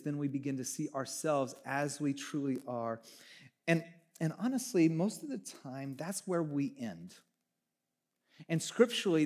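A man preaching a sermon as pastor, animated, swinging from hushed lines to near shouting. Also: a little high.

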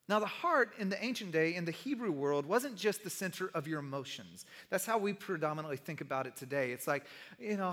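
A pastor preaching a sermon in a conversational way, often asking the congregation questions. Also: male voice, high-pitched, normal speed, hardly any pauses, sharp tone. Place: church sanctuary. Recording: long reverb of a large hall.

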